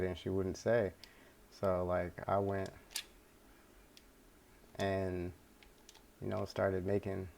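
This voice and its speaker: A man's voice: deep voice, vocal fry, darkish tone, slight background noise. A young man casually telling a story from his life, rambling, laid-back and full of swearing, recorded at home.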